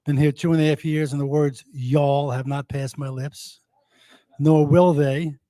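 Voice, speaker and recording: A man's voice: mid-range voice, little pitch movement, moderate pace, mellow, no echo. A man with a New Jersey accent giving a brash, wry self-introduction into a handheld mic at a networking meetup. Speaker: real estate broker and investor. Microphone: handheld microphone passed around.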